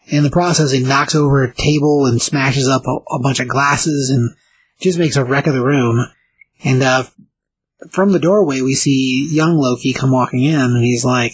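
A man casually recapping a comic book issue, talking in a halting way with many filler pauses. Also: medium pitch, fairly even intonation, slightly rough, no room sound, low-quality recording.

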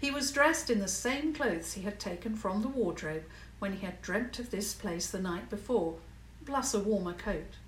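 A woman narrating a children's story in a calm, measured way. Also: mid-range voice, roomy sound, distant mic, slight background noise, rough recording.

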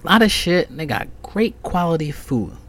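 A man on his solo podcast, ranting casually and cursing freely. His pitch leaps up and down as he gets worked up, and he tells the story with heated, animated irritation. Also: normal speed. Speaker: podcast host.

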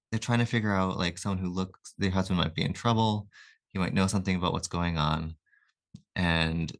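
A man co-hosting a podcast, casually recapping comic issues and slipping into quick quoted lines with chuckles. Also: sits low. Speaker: podcast co-host.

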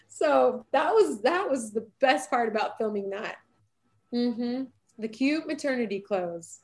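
Her voice is high and her delivery a little slow. This actress in her thirties is a guest in a casual interview, telling stories with animation and frequent laughter.

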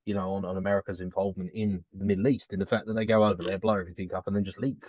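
A young man co-hosting a casual podcast chat, telling stories animatedly and jumping into high-pitched impressions of characters. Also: rapid-fire, no echo, lo-fi sound. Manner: animated storyteller, mimics characters with sudden high pitch jumps. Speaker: podcast co-host.

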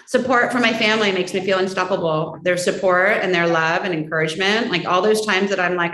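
A woman's voice: mid-range voice, roomy sound, low-quality recording. A woman in her forties answering interview questions in a heartfelt, casual way. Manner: warm, heartfelt, quickly emotional. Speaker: guest.

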